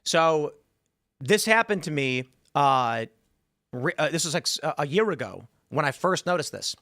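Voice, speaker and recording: Fast-rambling man telling stories in a dry studio. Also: fairly high pitch, animated, fairly bright tone, no room sound. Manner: rambling storyteller, acts out quoted voices. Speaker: show host. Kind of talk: casual studio chat.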